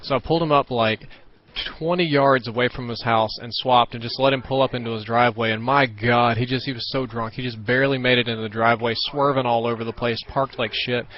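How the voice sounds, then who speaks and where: Brief: young male gaming commentator, casual storyteller, mid-pitched, muffled mic. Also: fairly even intonation, a little fast. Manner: rambling, swearing, self-correcting. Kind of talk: casual storytelling over gameplay. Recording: dull lo-fi recording.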